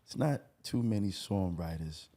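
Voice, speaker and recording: A man co-hosts a podcast with a very deep, husky voice. His intonation swings widely as he sets up questions for the guest in a measured way. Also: expressive, mellow. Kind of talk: casual interview chat.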